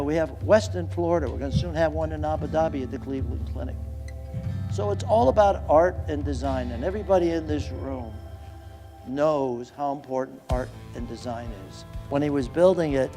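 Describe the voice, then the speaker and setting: Gravelly-voiced man telling an animated story. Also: medium pitch. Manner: animated storyteller acting out quotes. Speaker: event speaker. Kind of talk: anecdotal speech.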